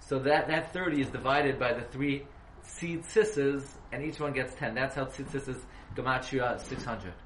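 A man's voice: medium pitch, normal speed, hardly any pauses, fairly bright tone. A man giving a halacha class, questioning his students and spelling words out letter by letter. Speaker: Torah teacher. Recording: echoey room, faint hiss.

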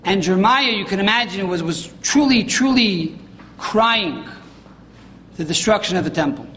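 A man with a high voice delivers a sermon, telling a story with emphatic, rising questions. His voice rings with a long hall reverb over a faint room hum. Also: lively intonation, normal speed, a bit bright.

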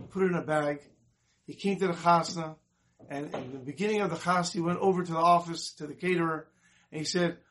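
A man with a somewhat high voice tells a Torah story in a calm, earnest way. He briefly gives voice to the people in the tale as he goes. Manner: earnest storyteller voicing characters.

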